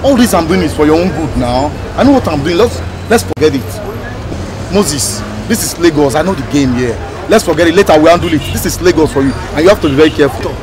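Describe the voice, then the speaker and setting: An actor playing a streetwise Lagos man who calmly persuades his friend to back off. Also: a little high, fast talker, a crowd in the background, close to an everyday voice, rough recording. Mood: persuasive. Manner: persuasive and placating. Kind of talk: Nollywood film acting.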